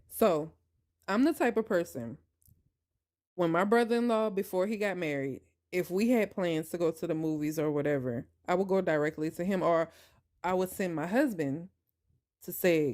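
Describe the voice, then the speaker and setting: A woman's voice: on the low side, normal speed. Emphatic woman telling a personal story. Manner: emphatic, animated, addresses listeners directly. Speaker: podcast host.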